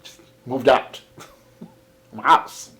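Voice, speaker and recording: A man's voice: mid-range voice, steady tone, drawn-out words, fairly bright tone. A man from Texas, telling a casual vlog story about a garage sale, laughing often and acting out both sides of the chat. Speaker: comic collector vlogger.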